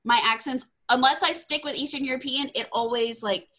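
A woman's voice: high voice, steady tone, fairly quick, pushed and bright. A woman in her twenties from Texas, hosting a casual podcast chat, bubbly and self-deprecating, laughing often. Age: 20s. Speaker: podcast host.

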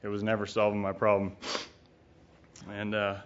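The recording is dull lo-fi: a middle-aged man at a recovery retreat, his lowish voice completely flat, moving at a moderate pace. He gives a candid, rambling personal recovery talk that's blunt, often profane and full of fillers.

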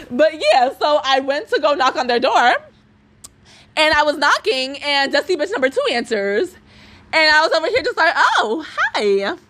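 A young woman hosting a podcast, telling a profane, animated storytime rant, acting out dialogue and laughing often. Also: sits high. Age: young adult. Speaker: podcast host.

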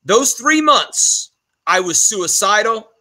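A man's voice: sits high, sing-song, takes it slowly, pushed and bright. A middle-aged man, a guest in a podcast interview, telling a personal story bluntly and with profanity, his voice choking up with emotion. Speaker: guest, arcade owner.

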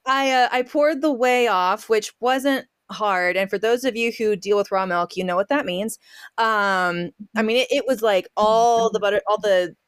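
A woman guest on a podcast tells a homestead story with gusto, slipping into voices for her own remarks and sprinkling in laughs and fillers. Her voice sits at an ordinary middle pitch. The sound is close and dry, with no room around it. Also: moderate pace, smooth, no room sound. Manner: lively storyteller who acts out her own quotes. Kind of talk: casual storytelling interview.

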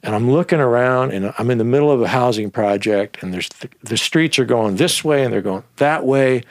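A man telling a long story in a casual, animated way, swearing often and breaking off into asides. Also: mid-range voice, fairly quick, no room sound, clean studio sound. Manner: animated, profane, digressive.

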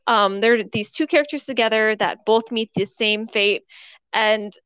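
A woman's voice: fairly high pitch, moderate pace, a bit bright, clear, resonant tone, dry recording, low-quality recording. A woman co-hosting a podcast, telling a story animatedly in casual chat while avoiding spoilers. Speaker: podcast co-host.

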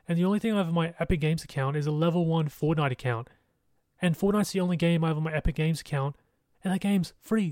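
A young man hosts his podcast in a rambling, casual monologue, swearing freely as he goes. His voice sits a little high for a man. The recording is dry and close, with no room sound. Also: darkish tone, dry recording. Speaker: podcast host.

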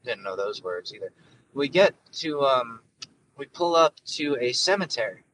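Profane, rambling young podcast host. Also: male voice, medium pitch, very animated, moderate pace, a bit bright, distant mic, slight background noise, poor audio. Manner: rambling, profane, jokey, with frequent fillers. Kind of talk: casual solo monologue.

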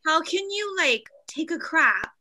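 A woman chiming in with short reactions and quick jokes during casual chat. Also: extremely high pitch, animated, bright, forceful tone, slight background noise.

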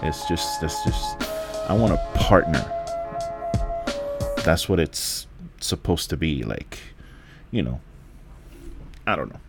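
A man's voice: very deep voice, big pitch swings, takes it slowly, vocal fry, pauses often, loud music behind the voice. A man, hosting a candid solo podcast from home in a laid-back, rambling, profane way with lots of restarts. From the Bronx, New York. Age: 40s. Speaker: podcast host.

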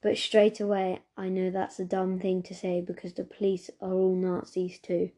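Female audiobook reader, mellow and warm, steady and even. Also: fairly low pitch, normal speed. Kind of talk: reading a novel aloud.

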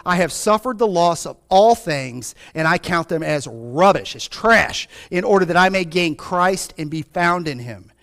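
High-pitched guy preaching a sermon, gets loud then drops way down quiet, keeps asking the church if they hear him. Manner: fervent, rises and drops sharply in pitch and volume; calls out to the congregation. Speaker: pastor.

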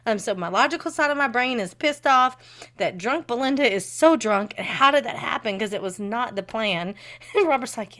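A woman co-hosting a podcast in casual chat, animated, swearing freely and laughing often. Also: on the high side, normal speed. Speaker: podcast co-host.

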